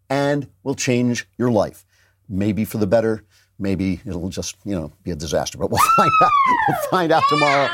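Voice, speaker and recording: A man hosting his own podcast, delivering indignant, sarcastic political commentary with frequent laughs. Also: fairly low pitch. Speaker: podcast host.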